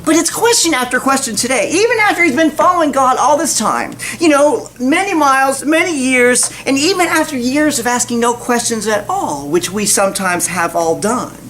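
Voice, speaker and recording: A woman's voice: high-pitched, animated, normal speed, hardly any pauses, fairly bright tone, slight background noise, rough recording. A woman preaching a sermon in church, folksy and storytelling, full of rhetorical questions.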